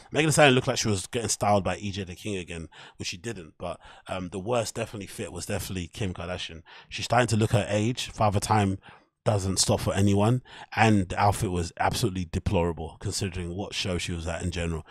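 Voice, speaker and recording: Podcast host: man, low voice, opinionated, rambling delivery, dry close-up sound. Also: dry recording. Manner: blunt, opinionated, rambling with many "um"s and "you know"s. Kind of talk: casual fashion review commentary.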